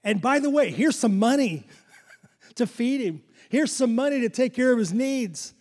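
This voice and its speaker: A man voicing a generous young princess who gives brisk, offhand orders in a retold story. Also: very high voice, animated, a little mellow, long reverb tail.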